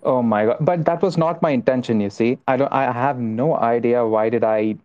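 A man's voice: medium pitch, moderate pace, lo-fi sound. A man co-hosting a casual talk show remotely, speaking in a mock-dramatic, apologetic way.

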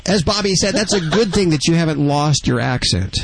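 A man's voice: a little high, animated, fairly quick, creaky, a crowd in the background. A man hosting a radio show, bantering casually with co-hosts and laughing easily. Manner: joking, laughs easily, plays along with co-hosts.

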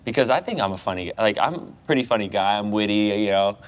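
A man's voice: lowish voice, expressive, fast talker. A man from the United States, a guest in his thirties, chatting casually and telling stories with frequent laughs. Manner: chatty storyteller, laughs often. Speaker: guest goalkeeper. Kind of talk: casual chat.

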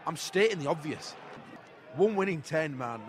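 A young man with a high, very lively voice, bantering and yelling at the pitch from the stands. He argues his points hard and gets worked up fast. Steady outdoor noise hangs behind him in the stadium. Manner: excitable, shouts at the play, argumentative. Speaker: football fan vlogger. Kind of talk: live matchday commentary and banter.

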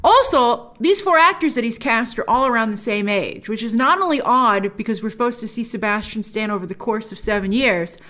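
Woman, casual film review vlog, higher voice, very lively intonation, acts out reactions. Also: a little fast, hardly any pauses. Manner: chatty and animated, acts out her own reactions. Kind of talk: casual movie review to camera.

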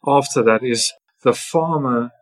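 A man's voice: mid-range voice, measured pace, poor audio. A man being interviewed as a podcast guest, telling his story in earnest first person and often ending sentences with "right?". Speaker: podcast guest, former farm worker.

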